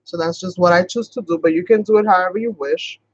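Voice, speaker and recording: A woman's voice: fairly low pitch, husky, no room sound, highs cut off. A woman from New York with a Boston-sounding accent, chatting casually and rambling as she hosts a craft tutorial livestream. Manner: chatty, rambling, talks fast at times. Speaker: craft channel host.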